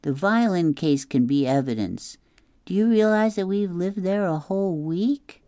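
A woman's voice: on the low side, expressive, unhurried, warm tone, no echo, clean studio sound, pitched above the performer's own voice. A woman voicing a practical young boy with a matter-of-fact, teasing way of talking.

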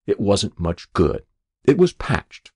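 A man's voice: deep voice, sing-song, a little slow, vocal fry, husky, exaggerated voice. A man doing a defiant poor boy. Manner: defiant, stubborn.

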